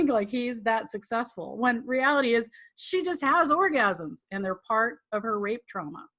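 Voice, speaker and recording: A woman's voice: a little high, animated, normal speed, fairly bright tone. Chatty female tantra teacher, loose and rambling, acts out little quotes with laughs. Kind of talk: live online class teaching.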